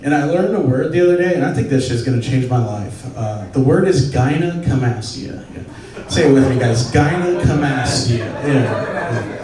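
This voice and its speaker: A man's voice: medium pitch, normal speed, a little mellow. A young man doing a crude, self-deprecating, conversational stand-up set on a comedy club stage. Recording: echoey club, distant mic, audience laughter.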